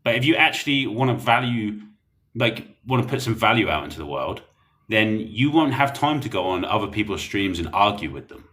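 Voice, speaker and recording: A man's voice: on the low side, animated, a little fast, a bit bright. A young man, chatting bluntly and rambling while reading comments on a livestream. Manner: blunt, rambling, laughs often.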